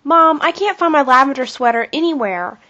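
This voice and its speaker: A woman's voice: fairly high pitch, expressive, moderate pace, a bit bright. A woman voicing a fretful young schoolgirl who whines and complains, heard on a dull lo-fi recording. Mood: wailing. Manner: whiny, complaining.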